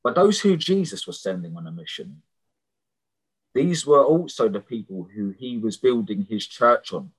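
A man's voice: on the low side, lively intonation, moderate pace, breathy edge, poor audio. Earnest conversational male preacher. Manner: earnest, conversational, often repeats words when starting a phrase. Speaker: preacher and prison missionary. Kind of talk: sermon with personal testimony.

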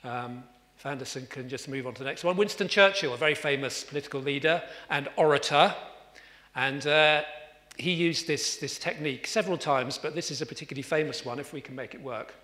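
A man's voice: a little high, fairly quick, sharp tone, big-room sound. A man preaching a sermon, conversational with fillers and restarts, emphatic when reading scripture aloud.

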